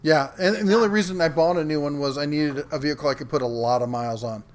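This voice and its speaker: Man, middle-aged, slightly high voice, casual livestream host, reads chat aloud, lots of ums. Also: quick pace. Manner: chatty, reads viewer comments aloud with many ums. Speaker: host of a live tool show reading chat.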